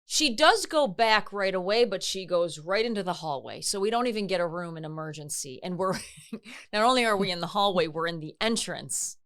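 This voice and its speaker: A young adult woman co-hosting a podcast, telling a story in casual chat and acting out quoted voices with lively swings. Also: fairly low pitch, normal speed. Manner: animated, acts out quoted voices. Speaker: podcast co-host.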